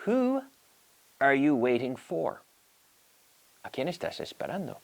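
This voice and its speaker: A man hosting a language-learning show, teaching in a lively, playful way and acting out little scenes as examples. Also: mid-range voice, measured pace, vocal fry. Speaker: English teacher and show host. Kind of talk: bilingual language lesson.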